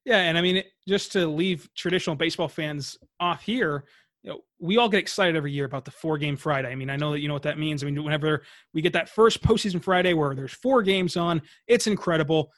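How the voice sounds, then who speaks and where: Enthusiastic guest man, slightly higher voice. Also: fast talker, fairly bright tone, no echo, studio quality. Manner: enthusiastic, chatty. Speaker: podcast guest. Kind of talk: casual sports podcast chat.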